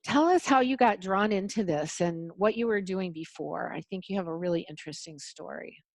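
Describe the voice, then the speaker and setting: A woman's voice: lowish voice, moderate pace, no room sound. A woman hosting an interview show over a video call, chatting casually and reacting with enthusiastic praise. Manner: warm, effusive, lots of "mm" and "gorgeous". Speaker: host.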